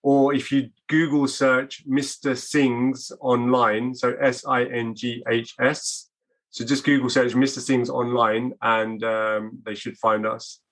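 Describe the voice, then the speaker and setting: A man's voice: mid-range voice, little pitch movement, takes it slowly, fairly bright tone. A man speaking as a guest on a podcast, easygoing and friendly in conversation. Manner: easygoing and friendly, short agreeable replies. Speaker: business owner and guest.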